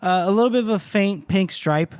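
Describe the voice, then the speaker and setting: High-voiced casual man, dry sound. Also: brisk, darkish tone, smooth, dry recording. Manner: loose and profane, acting out quoted lines. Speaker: podcast co-host. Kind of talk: casual book-discussion chat.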